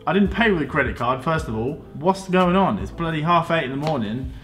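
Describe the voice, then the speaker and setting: A young man tells a story to camera in an animated vlog style, acting out both sides of the exchange. His voice sits at an ordinary pitch but leaps sharply upward when he retells his own outbursts. Faint music plays underneath. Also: brisk. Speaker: vlogger.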